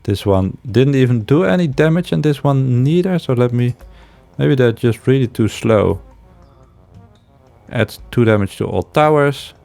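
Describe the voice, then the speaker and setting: A man's voice: medium pitch, expressive, unhurried, creaky, dark tone, dry recording, faint music behind. A man giving casual let's-play commentary, thinking aloud with hesitations and frequent chuckles. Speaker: game streamer.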